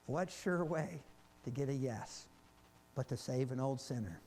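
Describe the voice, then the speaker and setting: A man preaching a sermon to a congregation, animated, often restarting his sentences, swinging from loud stretches to quiet ones. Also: medium pitch, slow, pauses often, a little hiss or hum.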